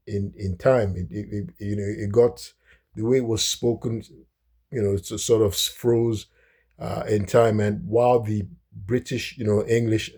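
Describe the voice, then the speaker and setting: A man's voice: lowish voice, dark tone, breathy edge. A man talking through a topic off the cuff, with many fillers, restarts and repeated words. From United States. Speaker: host. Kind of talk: unscripted explanatory talk.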